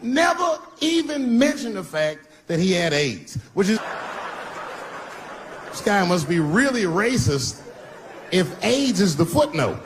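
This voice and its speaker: This middle-aged man's high voice swings widely in pitch as he takes his time, leaving long pauses. Crude, brash punchlines and mocking asides fill his live stand-up set, recorded onstage with a handheld mic amid audience noise.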